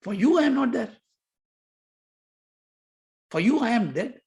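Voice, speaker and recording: A man's voice: extremely high pitch, very animated, unhurried, darkish tone, highs cut off. Older guy lecturing on yoga sutras, asks questions, repeats himself a lot. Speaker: yoga philosophy teacher.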